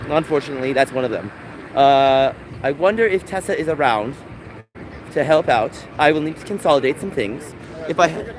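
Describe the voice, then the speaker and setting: A man livestreaming outdoors, talking in a rambling, casual way to his chat. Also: on the high side. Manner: rambling, repetitive calling out to passersby. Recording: street noise and passing traffic.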